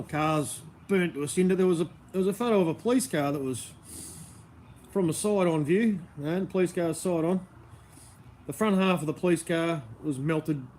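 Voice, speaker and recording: A man's voice: fairly high pitch, darkish tone, slight background noise. An Australian man chatting casually on a livestream, laid-back and chatty, often laughing as he answers viewers.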